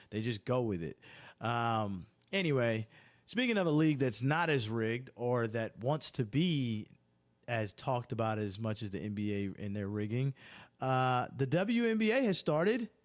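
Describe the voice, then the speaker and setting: A man hosting a sports podcast, freestyling casual banter that rambles, interrupts itself and breaks into angry, profane rants. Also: medium pitch. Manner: profane, ranting, worked up. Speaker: podcast host.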